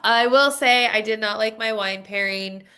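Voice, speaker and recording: A woman's voice: fairly high pitch, moderate pace, bright, forceful tone, smooth. A woman co-hosting a podcast, telling stories in a casual chat full of fillers like "like" and "um". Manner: chatty storytelling with many fillers. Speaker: podcast co-host.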